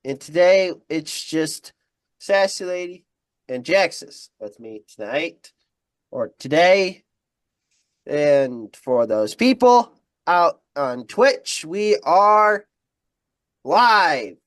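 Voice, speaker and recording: A man hosting a casual live-streamed podcast, sounding congested and halting, repeating words and using many fillers. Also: on the high side, big pitch swings, a bit bright, no room sound, clean studio sound. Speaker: podcast host.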